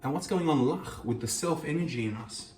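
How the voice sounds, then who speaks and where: A man's voice: a little high, expressive, fairly quick, a little mellow, slight background noise. A man giving an earnest, reflective talk on a scripture passage, reading Hebrew verses and explaining them. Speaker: host. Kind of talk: reflective Torah teaching. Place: kitchen. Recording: echoey room, mic at a distance.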